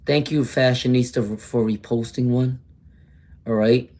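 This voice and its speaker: A man's voice: medium pitch, fairly even intonation, measured pace, a little mellow. Male tarot streamer, casual and chatty, reads for viewers live, mid-range voice. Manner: chatty, answers viewers by name, mutters while searching.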